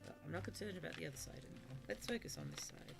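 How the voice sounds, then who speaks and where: A woman's voice: deep voice, expressive, rapid-fire, creaky, over loud music. A young woman streamer chatting casually late at night while wrapping gifts, sleepy and yawning, often dropping to a half-whisper and teasing herself.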